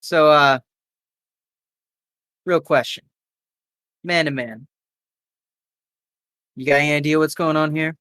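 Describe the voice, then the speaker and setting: Game master as a gruff, blunt, cynical man. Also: mid-range voice, fairly even intonation, slow pace, long pauses, a bit bright, no room sound. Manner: gruff, blunt, swears casually. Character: weary, guarded adult man, cynical fixer. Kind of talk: live tabletop role-play.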